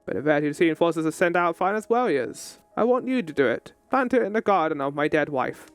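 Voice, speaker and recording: A streamer voicing an aging king who is solemn and failing, reading his game lines in a deep, slow, regal voice. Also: expressive, no room sound, soft background music, natural voice.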